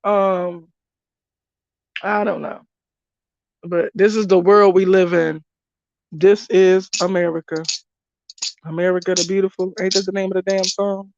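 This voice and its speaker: A woman's voice: lowish voice, steady tone, a little slow, long pauses, a little mellow, no echo. A woman giving casual spoken commentary as a spiritual reader, blunt, emphatic and freely swearing. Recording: dull lo-fi dry recording.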